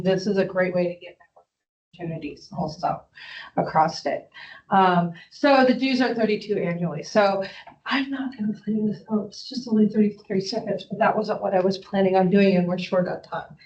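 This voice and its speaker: A woman's voice: mid-range voice, steady tone, fairly quick, darkish tone, echoey room, slight background noise. A woman psychology professor addressing a class informally, with hesitations and fillers. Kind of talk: classroom presentation. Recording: dull lo-fi room recording.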